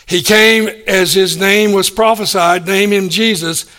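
A man preaching a sermon, animated, acting out the people he quotes and chuckling between points. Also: high-pitched, a little slow. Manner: animated, acts out quoted speakers.

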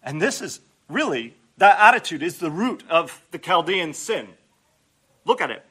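A male pastor preaching a sermon in an animated way, acting out prayers and dropping humorous asides. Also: fairly high pitch, measured pace, slightly rough.

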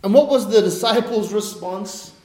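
A man preaching a sermon with emphatic, repeated phrases that sometimes drop to soft, low asides. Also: moderate pace, reverberant.

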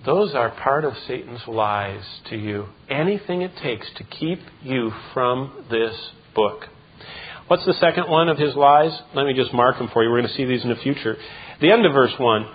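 A man preaching a sermon as pastor, emphatic, with repeated words and quick asides. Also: medium pitch, animated. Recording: dull lo-fi sound.

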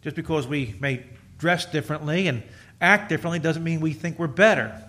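A middle-aged man preaching a sermon, talking to his congregation as if chatting with them. His voice sits a little high for a man, and he tells jokey stories, acting out the people in them. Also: brisk, fairly bright tone. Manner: conversational, jokey storytelling with quoted voices. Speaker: pastor.

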